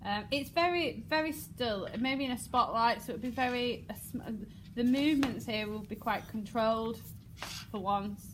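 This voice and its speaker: An English woman teaching a drama lesson, acting out lines with sudden shouts and laughing often. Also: a little high, normal speed, noisy background.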